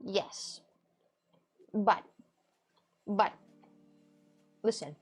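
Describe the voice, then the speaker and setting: A woman's voice: medium pitch, slow, pauses often, darkish tone. A young woman streamer chatting casually to her viewers, rambling and giggling often. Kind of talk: casual chat.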